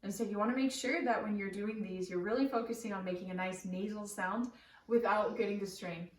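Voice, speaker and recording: A woman voice teacher explaining warm-ups in a relaxed, chatty way, with frequent ums and likes. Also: medium pitch, fairly quick. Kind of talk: casual spoken singing lesson. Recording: roomy echo from a distant mic.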